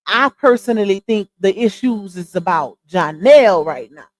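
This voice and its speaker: A woman's voice: mid-range voice, animated, normal speed. A young adult woman hosting a casual livestream, talking bluntly in slangy gossip about online drama. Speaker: livestream host.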